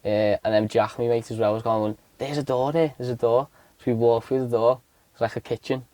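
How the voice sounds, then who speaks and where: On a dry recording, a man with a medium-pitched voice talks fairly quickly. He's a Southport native from the Liverpool area co-hosting a podcast, swearing freely and imitating other people's voices as he animatedly relates a rowdy anecdote in casual conversation.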